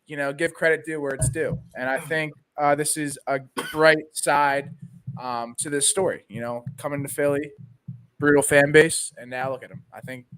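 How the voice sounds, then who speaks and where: A man's voice: a little high, steady tone, moderate pace, fairly bright tone. A man co-hosting a casual sports podcast, talking animatedly and reading sponsor spots. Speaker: podcast co-host.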